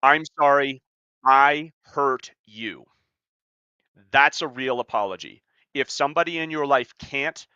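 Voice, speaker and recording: Guy on a podcast, blunt and swearing a lot, forceful voice, kinda dull dry audio. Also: mid-range voice, no echo. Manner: blunt, emphatic, swears freely. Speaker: podcast co-host and life coach. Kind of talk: casual podcast talk.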